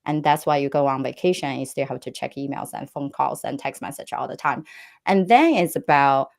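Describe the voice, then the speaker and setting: A woman's voice: a bass voice, fairly quick, creaky, darkish tone. A woman giving earnest business advice as an interview guest, often checking in with "right?". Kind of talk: interview answers.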